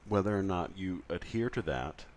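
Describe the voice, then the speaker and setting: A deep-voiced man lectures at normal speed on a recording, chatty in manner and prone to fillers and self-corrections, with a little background noise behind him.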